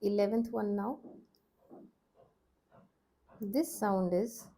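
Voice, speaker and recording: A young woman gives a step-by-step lesson at an unhurried, deliberate pace. Her voice is soft and mellow, with a light gravelly edge at the ends of phrases. She repeats every sound patiently so the listener can follow along. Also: mid-range voice. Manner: patient, repeats each sound several times. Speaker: language teacher.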